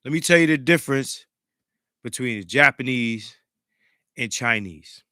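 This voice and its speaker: A man hosting a podcast in a casual, profane, animated way, greeting live chat viewers, sounding slightly congested. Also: medium pitch, a little slow, no echo, studio quality. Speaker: podcast host.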